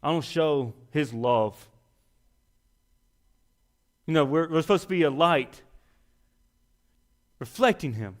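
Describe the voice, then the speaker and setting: A young man preaching at a church service, talking in a folksy, self-deprecating way. His voice sits a little high for a man, and he builds to loud, emphatic peaks before dropping back to quiet confession. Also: animated, takes it slowly, pauses often. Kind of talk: sermon.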